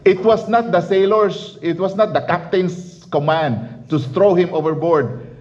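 A man's voice: high-pitched, measured pace, darkish tone, lo-fi sound. A man preaching a sermon and reading scripture, emphatic and repetitive, often laughing.

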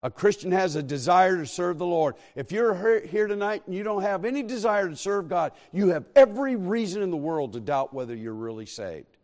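A man's voice: sits high, lively intonation, fairly quick, darkish tone. Man preaching in a reverberant church. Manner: storytelling, rising to fervent preaching. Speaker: pastor. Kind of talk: sermon. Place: church sanctuary.

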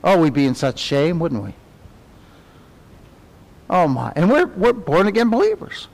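A middle-aged man leads a Sunday school class in a church. His voice sits a little high, and he talks in an animated way, tossing tag questions at the class. On reverent words he drops to a soft, low murmur. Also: unhurried, creaky, pauses often. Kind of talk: conversational Bible teaching.

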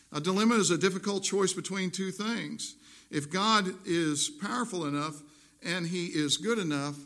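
A male pastor delivering a Sunday sermon. His voice is bright and forceful, pitched a little high. He reads scripture aloud and works through it with earnest, rising emphasis.

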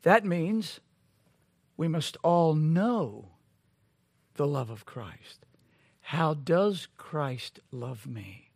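A man's voice: on the high side, expressive, gravelly, darkish tone, husky, no room sound, studio quality. A man preaching a sermon as pastor, emphatic and full of rhetorical questions. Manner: emphatic, rhetorical questions, slow deliberate delivery.

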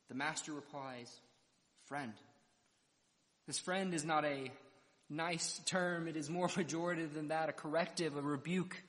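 A man's voice: fairly high pitch, a bit bright. A man preaching an expository sermon verse by verse and retelling a parable dramatically. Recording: long reverb of a large hall.

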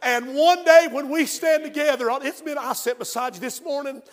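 Pastor, high ringing voice, hushed stories building to shouts, church reverb. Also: male voice, normal speed. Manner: swings from hushed storytelling to shouted fervent preaching. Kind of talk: sermon. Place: church sanctuary. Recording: long hall reverb of a church.

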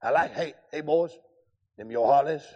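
A man imitating a loud, folksy old preacher from South Carolina, with a South Carolina accent and a booming shout. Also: moderate pace, slightly rough, highs cut off. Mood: hearty.

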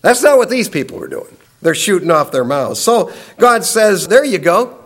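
A man preaching a sermon, emphatic and swinging between raised, urgent lines and hushed, low asides. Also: sing-song, moderate pace.

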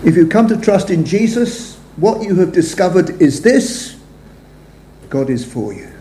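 An older man preaching a sermon to a congregation in a church hall, measured, his phrases trailing off softly. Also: high-pitched, sing-song, a little hiss or hum. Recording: echoey hall sound.

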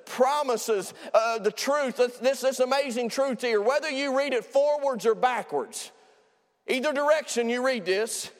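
A high-pitched man preaching. His delivery is emphatic and repetitive, full of restarts and rising appeals. A long reverb trails his voice through the hall. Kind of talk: sermon.

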